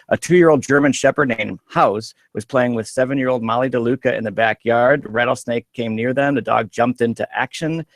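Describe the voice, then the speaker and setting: Gravelly Midwestern radio host. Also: male voice, medium pitch, no echo. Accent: American Midwest. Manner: upbeat, reads news stories aloud. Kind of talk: casual radio chat. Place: radio studio. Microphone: studio microphone.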